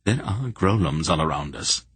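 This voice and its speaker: A man reading an audiobook, voicing a small, quick-witted thief who speaks in low, watchful whispers. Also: animated, a bit bright, breathy edge, no room sound, full character voice.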